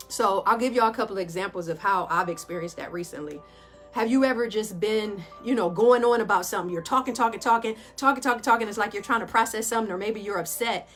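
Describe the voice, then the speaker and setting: Chatty woman guiding a mindfulness talk. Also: medium pitch. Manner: chatty, addresses listeners as "y'all", laughs often. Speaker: therapist and yoga teacher. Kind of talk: casual guided mindfulness talk.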